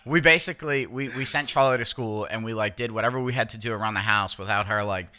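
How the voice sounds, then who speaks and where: Bright-voiced rambling male storyteller. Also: medium pitch, fast. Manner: rambling, profane, self-interrupting. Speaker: podcast co-host. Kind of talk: casual storytelling.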